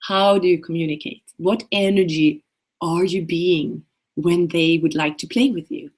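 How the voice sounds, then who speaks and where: Husky woman coaching with gentle questions. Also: fairly low pitch, steady tone, a little slow. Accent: Swedish. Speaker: coach hosting a live session. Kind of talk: casual coaching talk.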